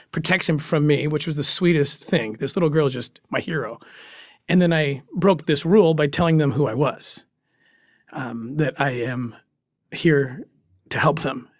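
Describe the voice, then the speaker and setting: A middle-aged man speaks in an earnest, halting way, his voice sitting a little higher than most men's. He is recorded close up in a dry, dead room with no echo. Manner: earnest, halting, restarts when moved. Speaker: guest recounting undercover work. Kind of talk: emotional storytelling in conversation.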